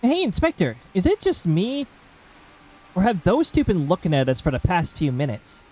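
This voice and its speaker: A man's voice: sits high, wildly swooping pitch, normal speed, darkish tone, heavily acted, low-quality recording. A man voicing an eager young woman sidekick in a raised, questioning voice while reading game dialogue.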